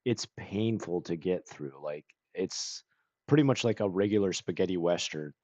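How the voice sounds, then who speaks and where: A man chatting casually on a stream, rambling with lots of "like" and clearing his throat and coughing now and then. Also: low-pitched, moderate pace, warm tone, no room sound, muffled recording. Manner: rambling, full of "like" and self-corrections.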